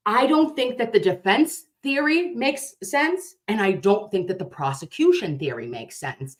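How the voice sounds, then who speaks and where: A level-headed retired policeman talks in a plain, even way, as a woman quotes him in her own voice. He sounds unconvinced and measured. The delivery stays close to an everyday speaking voice. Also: mid-range voice. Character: retired male police officer, calm and unsure.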